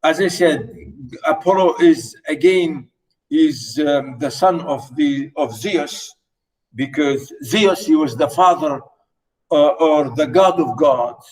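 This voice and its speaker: Slow, hesitant male lecturer. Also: fairly high pitch, recorded from a distance, rough recording. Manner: hesitant, many fillers, repeats and rewords phrases. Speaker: literature teacher. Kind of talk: explaining a play in a lecture.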